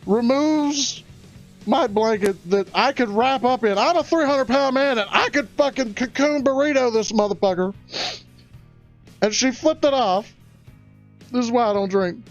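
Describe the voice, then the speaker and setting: A man telling a crude comic story, excitable and prone to loud rising outbursts. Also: very high voice, moderate pace, highs cut off, faint music behind. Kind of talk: stand-up storytelling.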